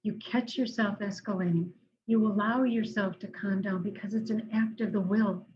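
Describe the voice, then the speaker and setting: In a calm, mid-range voice, a counselor teaches about handling anger, easing her pace as she leads listeners through breathing exercises. The audio sounds dull.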